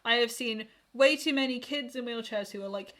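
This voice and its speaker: A woman's voice: fairly high pitch, brisk, a bit bright. A woman co-hosting a podcast in casual chat, frank and advice-giving, laughing often. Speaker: podcast co-host.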